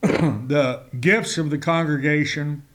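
A preacher reads scripture in old-fashioned wording during his sermon, his voice a bit bright. He delivers slowly and emphatically, with sudden rises in pitch.

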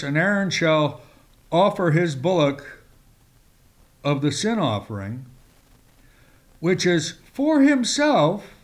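Man preaching slow, leans hard on words, higher voice, reads bible verses out loud. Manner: slow, emphatic delivery with sudden rises in pitch; reads scripture in old-fashioned wording. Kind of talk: sermon with scripture reading.

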